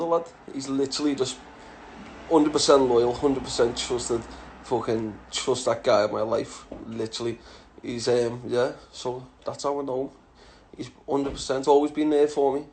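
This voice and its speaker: A man's voice: medium pitch, a little mellow. A man from England in his thirties, answering follower questions in a casual chat, blunt and swearing, often calling people lad. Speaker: social media personality answering follower questions.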